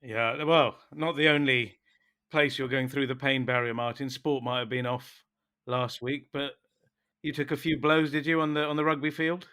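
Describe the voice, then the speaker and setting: A man's voice: medium pitch, flat delivery, moderate pace, pushed and bright, smooth. A man co-hosting a sports podcast, bantering with his co-host and steering the talk with questions. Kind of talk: casual podcast chat.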